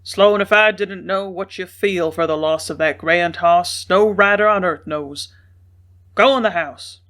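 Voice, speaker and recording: A woman reading aloud, voicing a gruff, hulking older male ranch boss with a booming manner. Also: measured pace, fairly bright tone. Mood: softened.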